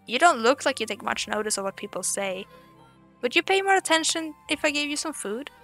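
A woman's voice: high voice, expressive, fairly quick, sharp tone, faint music behind, heavily acted. A woman reading the lines of a worried young village boy aloud in a game, earnest and pleading.

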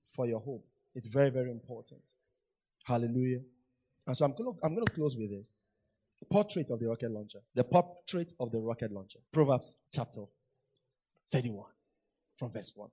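A man's voice: medium pitch, lively intonation, moderate pace, dark tone, husky. A man preaching a sermon, repeating phrases for emphasis and asking the congregation rhetorical questions. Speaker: pastor.

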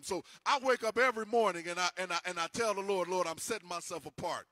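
A male pastor delivers a sermon in a high, ringing, very bright voice that cuts through. His delivery swells into sing-song cadences and emphatic repetitions. The sound is close and dry, with little room around it. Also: fast talker, no room sound. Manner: preaching with rising, sing-song emphasis and repeated restarts. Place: church.

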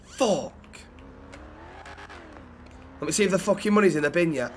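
Sweary streamer, high-pitched voice. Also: male voice, expressive, slight background noise. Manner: swears constantly, thanks viewers in quick bursts. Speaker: livestreamer. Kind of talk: live gameplay commentary and role-play.

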